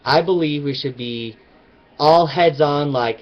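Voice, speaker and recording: A man's voice: a little high, measured pace, dull audio. A man vlogging his opinions in a rambling, emphatic casual rant.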